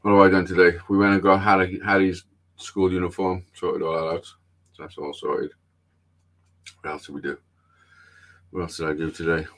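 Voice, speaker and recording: A man's voice: deep voice, flat delivery, normal speed, long pauses, a bit bright. A man hosting a casual livestream chat, rambling and swearing freely. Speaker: livestream host.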